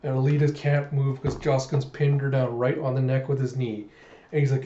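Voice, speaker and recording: A man hosting a manga readthrough, retelling the story in an animated, casual way with spoken sound effects. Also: mid-range voice, moderate pace. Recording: echoey room, dull lo-fi sound.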